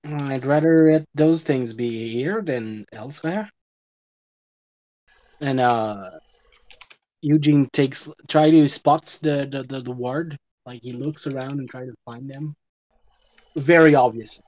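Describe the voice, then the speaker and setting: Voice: medium pitch, takes it slowly, pauses often, darkish tone, dull audio. Non-native English speaker, player role, careful word-searching delivery. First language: not English. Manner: searching for words, describes character actions. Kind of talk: casual tabletop play.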